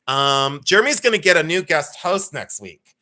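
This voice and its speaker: A man with a bright, slightly high voice hosts a live jewelry sale in a loose, chatty way. He jokes, teases and laughs easily. He rambles a little as he greets viewers by name. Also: expressive, moderate pace. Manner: playful, joking, laughs often, teasing. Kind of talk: casual live-stream selling chat.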